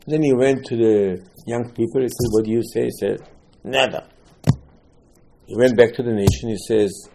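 A man's voice: medium pitch, steady tone, normal speed, creaky, warm tone, a little hiss or hum. A man giving a sermon on scripture, telling the stories with animation, acting out the quotes and repeating key words for emphasis. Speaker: religious teacher.

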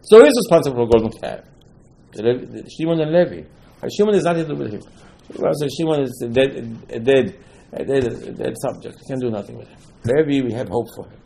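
Man giving an animated Torah sermon. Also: mid-range voice, brisk, creaky, slight background noise, rough recording. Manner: animated storytelling, acting out the dialogue; non-native English, loose grammar, Hebrew terms. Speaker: religious teacher. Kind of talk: sermon-style Torah lesson.

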